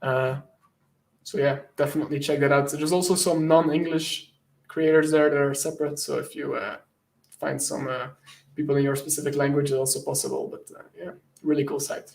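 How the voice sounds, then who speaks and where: A man's voice: on the high side, steady tone, fairly quick, gravelly, darkish tone. A man who is a penetration tester and content creator, talking casually as a guest, enthusiastic and laughing at his own jokes. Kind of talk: casual interview talk.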